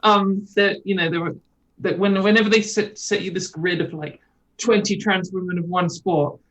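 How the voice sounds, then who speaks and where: A woman's voice: medium pitch, fairly even intonation, moderate pace, low-quality recording. A British woman, a guest on a video call, chatting casually in a rambling, wry way full of fillers. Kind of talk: casual chat.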